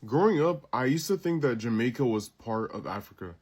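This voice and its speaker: A man's voice: mid-range voice, sing-song, brisk, darkish tone, slightly rough, soft background music. A man from Nigeria reflecting casually and a little hesitantly.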